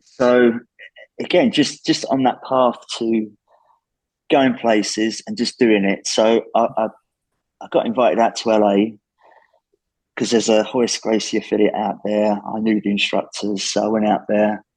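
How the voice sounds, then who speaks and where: Man, interview guest, plain-spoken, husky voice, dry close sound. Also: fairly low pitch, little pitch movement, a little slow, darkish tone, no echo, low-quality recording. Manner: plain-spoken, lots of restarts. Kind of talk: casual chat.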